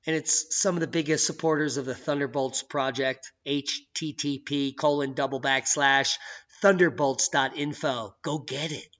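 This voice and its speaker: A man hosting his own video channel, talking in an excitable, jokey way that swings from loud outbursts to hushed asides. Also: medium pitch, moderate pace. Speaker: channel host. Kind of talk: casual video commentary. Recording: dull lo-fi sound.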